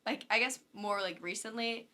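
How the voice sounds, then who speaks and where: A young woman, a college athlete guest, chatting in a relaxed way with many fillers. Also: medium pitch, moderate pace. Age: young adult. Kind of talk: casual interview chat.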